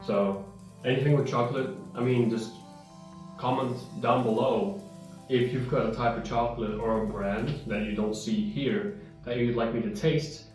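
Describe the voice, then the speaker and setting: A man's voice: mid-range voice, fairly even intonation, normal speed. A man reviewing chocolate in a casual, rambling chat, sometimes talking while he chews. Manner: chatty, rambling, talks while chewing. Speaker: vlogger tasting chocolate. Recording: very echoey room, mic far off, guitar music behind. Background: soft guitar music.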